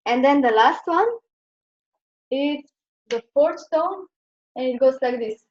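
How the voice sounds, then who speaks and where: Speaking slowly in a high, darkish voice, the young Slovenian teacher walks a classroom through Chinese pronunciation. Her explanations are hesitant and full of fillers, heard through a dull, lo-fi recording.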